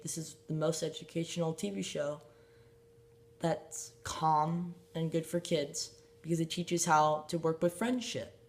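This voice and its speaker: Rambling, giggly young host. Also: male voice, a little high. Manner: rambling, giggly, many fillers and restarts. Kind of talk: casual solo show commentary.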